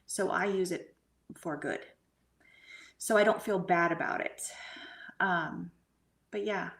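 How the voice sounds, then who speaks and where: Middle-aged lady sharing a spooky personal story, earnest, lowish voice, goes all whispery sometimes. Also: measured pace, creaky, pauses often, a little hiss or hum. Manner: earnest, drops to a hushed whisper in places. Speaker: guest medium and energy healer. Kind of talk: conversational storytelling.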